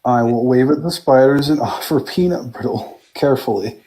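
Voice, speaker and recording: A man's voice: mid-range voice, moderate pace, mellow. A man playing a tabletop game, talking in a casual, blunt way with fillers. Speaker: player.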